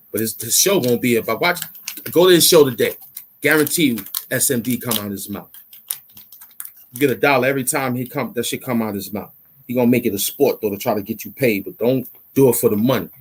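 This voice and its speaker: A man hosting an online commentary show, ranting in a loud, mocking, animated way and repeating himself for emphasis. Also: medium pitch, a little hiss or hum. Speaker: YouTube commentary host.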